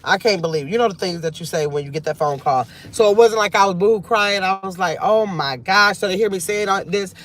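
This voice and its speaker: A woman's voice: medium pitch, brisk, few pauses. A middle-aged grandmother hosting a casual live chat from her car, rambling and reflective as she reads viewer comments aloud. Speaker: livestream host.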